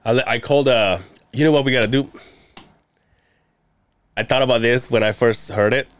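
A man's voice: medium pitch, steady tone, moderate pace, no echo. A man co-hosting a casual podcast, rambling through stories, swearing and laughing often. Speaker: podcast co-host. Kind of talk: casual chat.

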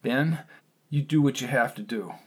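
A man's voice: medium pitch, normal speed, husky, close to an everyday voice. A man voicing an anxious, frightened woman in an audiobook, with pleading, upset delivery. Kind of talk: audiobook character reading.

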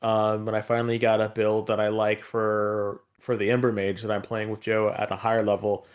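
A man's voice: lowish voice, monotone, normal speed, dull audio. A man talking in a casual, rambling way about games he has been playing, with many fillers and restarts. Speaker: podcast co-host.

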